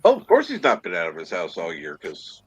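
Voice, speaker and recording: Husky man with a lively voice. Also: sits low, a little fast, no echo. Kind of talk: casual chat.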